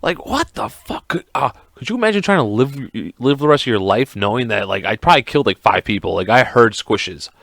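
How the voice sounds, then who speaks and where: A man hosting a podcast alone, ranting in a casual, profane, rambling and excitable way. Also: mid-range voice, a little fast, creaky, few pauses, no echo, studio quality. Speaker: podcast host.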